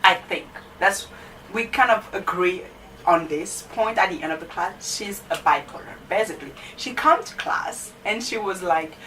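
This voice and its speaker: Young female student vlogger, low-pitched and chatty, set back from the mic. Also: moderate pace, bright, forceful tone. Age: young adult. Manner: chatty, many fillers like "you know" and "like". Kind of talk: casual storytelling chat. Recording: distant mic with faint background noise.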